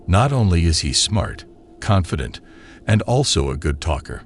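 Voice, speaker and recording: A man's voice: low-pitched, sing-song, normal speed, slight background noise. A man narrating in a dramatic, teasing scripted commentary.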